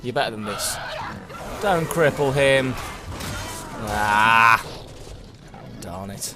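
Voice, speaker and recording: A man's voice: mid-range voice, animated, drawn-out words, over music. A man giving chatty, self-deprecating commentary while streaming a game and answering chat. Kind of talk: casual gameplay commentary.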